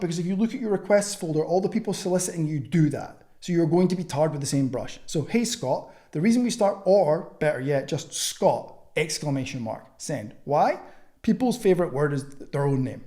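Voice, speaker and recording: A young man teaching online coaching in a blunt, sweary, casual way, acting out text chats as quick little scenes. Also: a little high, lively intonation. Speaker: online fitness coaching mentor. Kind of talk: casual teaching with acted-out message examples.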